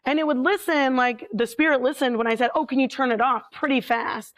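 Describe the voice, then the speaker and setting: A woman telling a story in a chatty, animated way as a paranormal investigator guest, full of filler words. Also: high-pitched, fairly quick. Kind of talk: casual storytelling.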